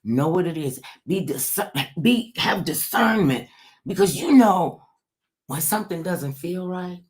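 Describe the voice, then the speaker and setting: A woman's voice: fairly low pitch, lively intonation, measured pace, a little mellow. A woman host giving an impassioned livestream monologue, preachy, firing rhetorical questions at her listeners and repeating phrases for emphasis.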